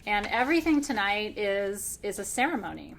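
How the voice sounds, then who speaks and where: Woman, mid-pitched, hosting a live spiritual class: excited and emotional, laughing, with slow reflective pauses and faint background hiss. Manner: emotional and excited, laughs often, clears her throat. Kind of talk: live-streamed class, warm conversational teaching.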